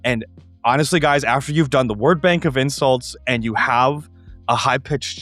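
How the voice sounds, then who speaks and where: A man hosting a tabletop gaming show, explaining ideas in an animated, casual way with quick asides. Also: medium pitch, soft background music.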